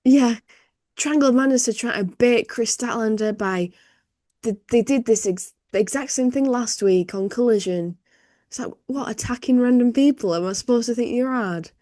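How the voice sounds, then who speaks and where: A young woman co-hosting a podcast, sarcastic and quick to laugh. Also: a little high, mellow, no echo, clean studio sound. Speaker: podcast co-host. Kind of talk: casual chat.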